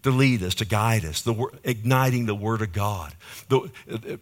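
A lower-voiced man preaches with passion, repeating phrases in a steady rhythm and calling out to his listeners. He drops into hushed, low lines, then comes back hard with loud emphasis. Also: moderate pace. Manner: impassioned, rhythmic repetition with calls to the congregation. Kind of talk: sermon.

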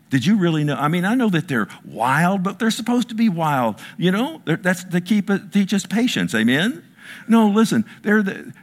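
A middle-aged man, a pastor, preaching a sermon and asking his congregation for responses. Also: mid-range voice.

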